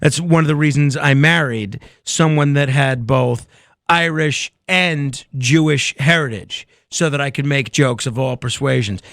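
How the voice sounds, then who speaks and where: A man's voice: mid-range voice, a little slow, vocal fry, fairly bright tone, no echo, clean studio sound. A man hosting a late-night call-in radio show, telling jokes and taking callers with easy chuckles. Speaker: radio host.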